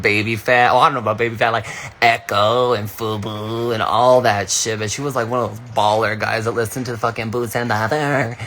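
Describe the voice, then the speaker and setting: Campy, profane young man telling stories. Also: fairly bright tone. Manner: profane, campy, bursts into high-pitched squeals when quoting. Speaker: streamer on a live video. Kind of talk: casual storytelling chat.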